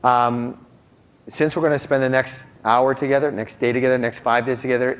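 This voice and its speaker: Man, middle-aged, live seminar teacher, lively, questions the audience a lot. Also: mid-range voice, fairly quick, clear, resonant tone. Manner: animated, asks the audience constant questions. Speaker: seminar speaker.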